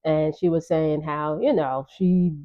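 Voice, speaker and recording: Chatty woman recapper, low mellow voice, slightly dull lo-fi sound. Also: fairly even intonation, a little slow. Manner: chatty, gossipy, laughing asides. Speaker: reality TV recap vlogger. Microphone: on-camera.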